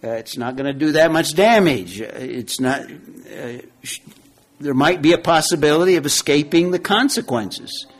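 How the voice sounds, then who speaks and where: A man preaching an expository sermon, slowly repeating key phrases and putting questions to his listeners. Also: a little high, expressive. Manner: slow, deliberate, repeats key phrases, asks the audience questions. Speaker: preacher teaching from Genesis.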